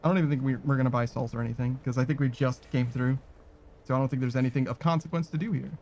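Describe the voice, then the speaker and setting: A man's voice: mid-range voice, fairly even intonation, racing, darkish tone, slight background noise. A man giving casual, profane, sarcastic commentary while playing a video game. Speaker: gaming streamer.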